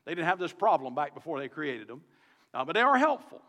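With a Southern US accent, a pastor addresses his congregation over a microphone in the church sanctuary, preaching in a conversational style loaded with rhetorical questions. His voice is a little high, very animated and a little fast, a bit bright, with a big-room sound.

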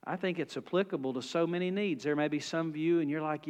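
A male pastor, preaching a sermon in a folksy, animated storytelling manner. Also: fairly high pitch, fast talker, in a large hall.

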